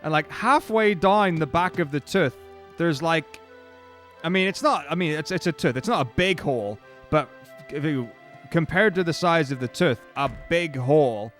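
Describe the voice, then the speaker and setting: A man's voice: a little high, normal speed, fairly bright tone, soft background music. A man streaming a speedrun, telling a long casual story in a rambling way and acting out what people said. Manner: rambling, with frequent restarts and acted-out quotes.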